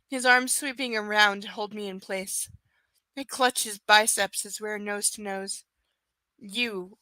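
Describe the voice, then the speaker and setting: On a livestream, a woman reads a novel aloud but keeps breaking off to chat, curse and tease her viewers by name. Her mid-range voice sounds pushed and bright, with no room sound at all.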